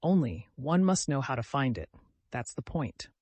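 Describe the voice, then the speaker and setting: A man's voice: medium pitch, sing-song, moderate pace, darkish tone, no room sound. A man voicing a drunken, lecherous old father who rambles and picks quarrels. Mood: leering.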